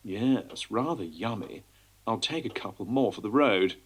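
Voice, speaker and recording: A man's voice: lowish voice, lively intonation, measured pace, breathy edge. A man doing a smarmy, flirty gent.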